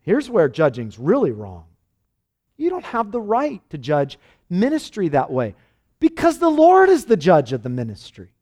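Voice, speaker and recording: A man's voice: a little high, darkish tone. A man preaching a sermon with passion, acting out the voices of those he quotes. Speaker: pastor.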